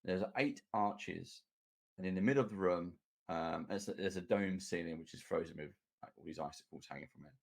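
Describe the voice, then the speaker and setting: A man hosting a casual chat, telling an animated story about running a tabletop game and laughing as he goes. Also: sits low, fairly quick, gravelly. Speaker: game master and podcast host.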